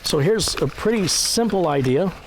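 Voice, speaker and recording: A man's voice: high voice, animated, moderate pace, background noise. A man hosting a live stream in a casual, chatty way, reading viewer messages aloud and joking at his own expense. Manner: self-deprecating joking.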